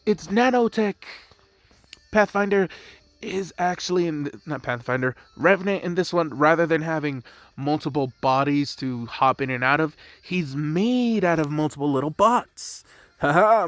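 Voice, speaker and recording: A man's voice: on the high side, a bit bright, no echo. A man casually narrating a fan-made story, rambling, correcting himself, and swearing freely.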